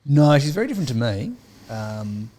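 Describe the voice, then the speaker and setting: A middle-aged man, a guest co-host, soft-spoken and self-deprecating. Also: mid-range voice, sing-song, normal speed. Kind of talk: casual chat.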